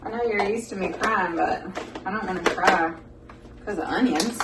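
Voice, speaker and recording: A woman's voice: medium pitch, moderate pace, background noise. A woman hosting a home cooking vlog, chatting folksily to her viewers as she cooks. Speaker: cooking show host. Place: home kitchen. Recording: echoey kitchen, mic far off, loud kitchen clatter. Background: dishes and pans clattering.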